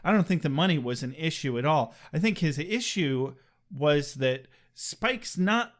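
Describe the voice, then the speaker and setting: A man's voice: fairly high pitch, animated, a little slow. A man co-hosting a podcast, chatting casually and joking, with casual swearing. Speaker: podcast co-host. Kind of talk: casual chat.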